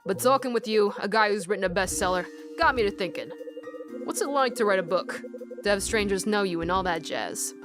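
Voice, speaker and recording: Woman voicing a blunt streetwise guy in a game, casual and slangy, a bit lower than her usual voice. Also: lively intonation, fairly quick, music in the background, close to an everyday voice. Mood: pressing. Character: blunt streetwise man, brash and plain-spoken.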